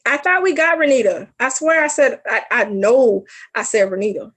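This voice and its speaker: A woman's voice: fairly high pitch, normal speed, fairly bright tone, poor audio. A woman giving psychic readings on a casual live stream, blunt and swearing, laughing at her own slips. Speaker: psychic reader.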